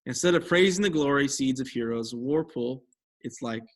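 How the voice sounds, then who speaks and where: A man's voice: mid-range voice, normal speed. A young adult man teaching a history lecture over slides, rambling with many fillers and self-corrections.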